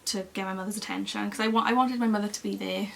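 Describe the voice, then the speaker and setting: A young woman, chatting casually to camera as she tells a long personal story in an expressive, lively way. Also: mid-range voice, fast, vocal fry, slight background noise. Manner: chatty and expressive, acting out other people's lines. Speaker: beauty vlogger.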